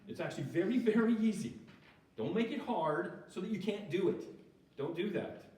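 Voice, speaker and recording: A man with a high, animated voice delivers a casual sermon, pitch jumping around as he keeps checking in with the room. He is heard from some distance in a very echoey church hall. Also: normal speed. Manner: conversational, often checking in with the audience. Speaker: speaker at a church recovery group. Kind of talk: informal sermon talk.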